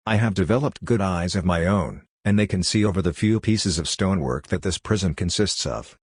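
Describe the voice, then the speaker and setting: A man voicing a calm, steady prisoner awaiting execution, who speaks in even, reassuring tones. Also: deep voice, brisk, slightly rough, no room sound, studio quality. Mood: calm reassurance.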